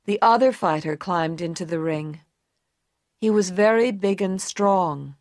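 A woman narrating a graded English story for learners, reading in a slow, clear and deliberate way. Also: fairly low pitch, a little mellow, no echo, clean studio sound.

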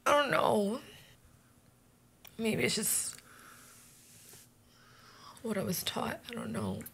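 An actress playing a guilty, defiant ex-fiancée who pleads and accuses by turns. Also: female voice, on the high side, lively intonation, a little slow, bright, forceful tone, a little hiss or hum, exaggerated voice. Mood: emotional. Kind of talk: romantic drama acting.

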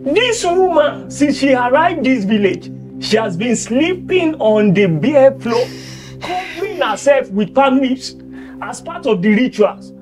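A pleading, indignant Nigerian relative, lively voice over clear film score. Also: sits high, measured pace, over music. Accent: Nigerian Pidgin English. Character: relative defending a grieving widow. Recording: film score under the dialogue.

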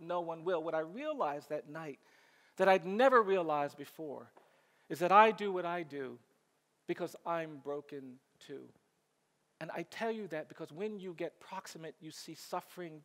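A man's voice: high-pitched, a bit bright. A middle-aged man giving a storytelling keynote speech with a rhythmic, repeating cadence. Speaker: keynote speaker. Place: large conference hall. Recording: long hall reverb.

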